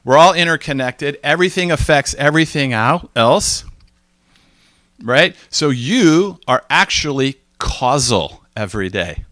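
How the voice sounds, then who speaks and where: A man from the United States giving an informal, animated talk to a group, telling personal stories and acting out the voices of people he quotes. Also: fairly high pitch, unhurried, no echo, clean studio sound. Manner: animated storytelling, acts out quoted exchanges, frequent restarts. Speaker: speaker.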